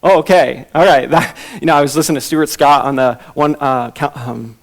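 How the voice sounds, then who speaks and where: Man teaching a church class, slightly high. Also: fairly even intonation, a little fast, vocal fry. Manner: conversational, with restarts and acted-out quotes. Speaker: Bible teacher.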